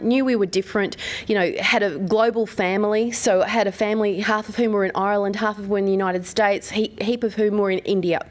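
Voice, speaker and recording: An Australian woman in her forties talks openly to a live audience about her own life. She is conversational and unpolished, with plenty of fillers, and often turns to the room with questions. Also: medium pitch. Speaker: mentor speaking to an audience. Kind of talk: personal talk to a live audience.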